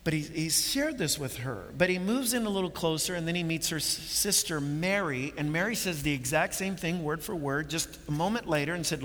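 A man's voice: on the high side, animated, moderate pace, a bit bright, big-room sound. A man preaching a sermon, earnest and building to emphatic points, often repeating words as he goes.

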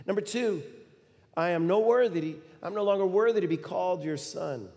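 A middle-aged man preaching a sermon, telling a story in an animated way and acting out the quoted lines with sudden loud bursts. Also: high voice, normal speed. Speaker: pastor. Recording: long reverb of a large hall.

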